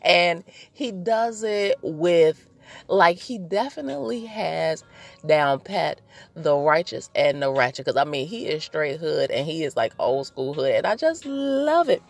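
Chatty woman podcast host, lower voice. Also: very animated, unhurried, vocal fry. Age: adult, married. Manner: playful, chatty, laughs often, addresses listeners directly. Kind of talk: casual solo podcast chat.

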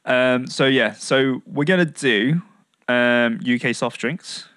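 A man's voice: medium pitch, fairly bright tone, dry recording. Here is a man with a mid-range voice. He co-hosts a podcast, steering the talk in an easygoing, casual way. The recording is close and dry. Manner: easygoing, leads the segment with quick agreements. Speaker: podcast co-host. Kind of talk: casual chat.

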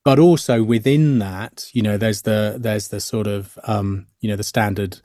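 Man, middle-aged, low pitch, thoughtful, halting with fillers, dry recording, podcast guest actor. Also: fairly even intonation, mellow, dry recording. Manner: thoughtful, many fillers and restarts. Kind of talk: podcast interview.

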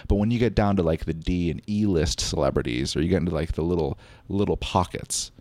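A man's voice: sits low, a little fast, darkish tone, dry recording. A man co-hosting a podcast in casual chat, rambling and joking with lots of fillers. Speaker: podcast co-host, spiritual teacher.

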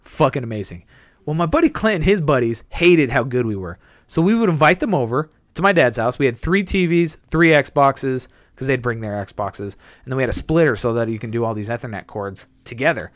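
A man in his twenties chatting casually, telling rambling profane stories and jumping into high squeaky impressions. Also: lively intonation, a little fast, no echo, studio quality. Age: 20s. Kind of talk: casual chat.

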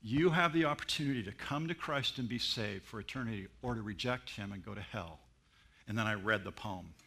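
A man's voice: on the low side, brisk, husky. A man preaching a sermon as pastor, telling stories and mimicking voices along the way. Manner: animated storytelling with mimicry and laughs.

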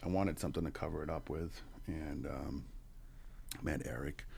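A man's voice: very deep voice, steady tone, moderate pace, vocal fry, darkish tone, slight background noise. A man in his forties, a podcast guest, telling his story in a casual, profane way, full of "you know" and chuckles. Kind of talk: candid storytelling.

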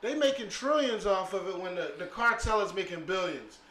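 High, bright-voiced excitable man, echoey room. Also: fairly quick. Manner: excitable, jumps in, acts out scenes. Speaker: podcast co-host. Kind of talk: casual chat.

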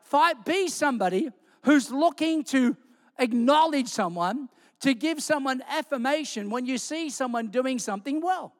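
A male preacher delivers a sermon full of humorous stories and lively asides. His voice sits very high for a man, and it rings out with the long reverb of a large church. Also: normal speed. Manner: animated storytelling with humor. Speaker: guest pastor.

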